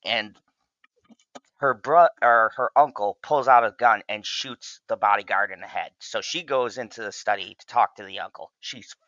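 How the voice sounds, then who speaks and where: A man's voice: on the low side, normal speed, few pauses, fairly bright tone, no room sound, muffled recording. A man casually recapping a crime drama episode in a loose, profane review. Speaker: show reviewer.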